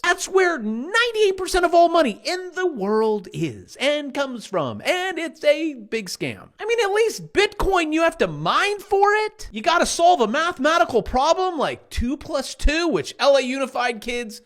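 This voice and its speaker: Middle-aged male vlogger, lively pitch, sarcastic rants, trading chart walkthrough. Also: unhurried, hardly any pauses. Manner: sarcastic, jumpy, mocking voices of doubters. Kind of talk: casual rant and chart walkthrough.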